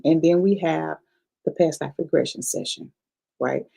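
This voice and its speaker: Gravelly, husky woman chatting casually. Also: lowish voice, mellow, low-quality recording. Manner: chatty, profane, repeats herself, addresses viewers as y'all. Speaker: past life regression practitioner. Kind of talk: casual livestream review talk.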